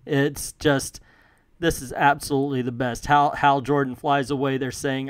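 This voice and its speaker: A man's voice: medium pitch, a little slow, clear, resonant tone, no room sound, studio quality. A man casually reviewing a comic book, amused and mocking.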